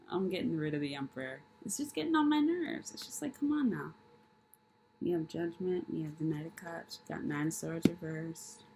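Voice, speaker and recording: A woman's voice: fairly low pitch, darkish tone, slight background noise, rough recording. A woman reading tarot cards in a casual monologue, delivering blunt, profane tough love with emphatic repetition and rhetorical questions. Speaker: tarot reader.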